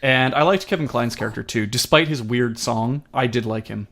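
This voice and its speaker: A man's voice: medium pitch, normal speed, creaky. A young man co-hosting a casual movie review podcast, rambling and laughing as he talks. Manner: rambling, laughing, animated impressions. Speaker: podcast co-host.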